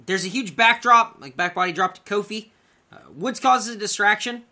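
A man co-hosting a podcast, recapping wrestling matches in casual chat and acting out the wrestlers' lines in loud bursts. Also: high-pitched, moderate pace. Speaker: podcast co-host.

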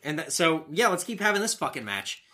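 Animated, bright-voiced man recapping wrestling. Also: on the high side, brisk. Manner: animated, swearing, acts out quoted lines. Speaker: podcast co-host. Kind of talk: casual wrestling recap chat.

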